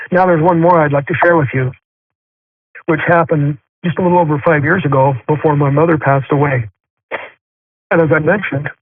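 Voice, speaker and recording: A man's voice: a little high, dry recording. Middle-aged man telling his story over a tinny phone line. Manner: halting, with frequent fillers and restarts; earnest and heartfelt. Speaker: guest sharing a spiritual experience. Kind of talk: personal storytelling.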